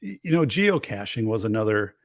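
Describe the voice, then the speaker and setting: A man's voice: lowish voice, sing-song, fairly quick, gravelly, no echo. Earnest guy talking safety stuff, lots of ums, dry close mic. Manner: earnest, many ums and restarts. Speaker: guest safety expert. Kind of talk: casual chat.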